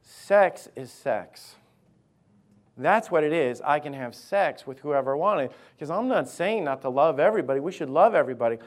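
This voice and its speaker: A man's voice: fairly high pitch, lively intonation, moderate pace. A man, a lead pastor, preaching an impassioned sermon in a church and repeating key phrases for emphasis. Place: church sanctuary.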